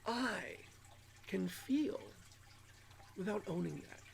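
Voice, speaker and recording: A man's voice: high voice, animated, slow, vocal fry, slight background noise. A man hosting his channel in a rambling self-help monologue, sounding a little nasal from allergies. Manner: rambling, musing, repeats words. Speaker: channel host.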